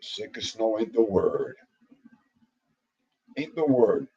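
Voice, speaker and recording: A man hosting a casual livestream, chatting loosely and greeting viewers by name with an animated, jokey manner. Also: on the low side, takes it slowly, gravelly, breathy edge, lo-fi sound. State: out of breath. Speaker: livestream host.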